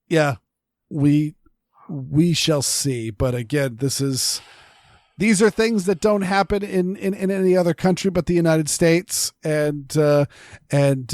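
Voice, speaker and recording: A man's voice: a little high, darkish tone, dry recording. Rambling man, dry podcast mic. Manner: rambling, many restarts and fillers. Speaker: podcast co-host. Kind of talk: casual chat.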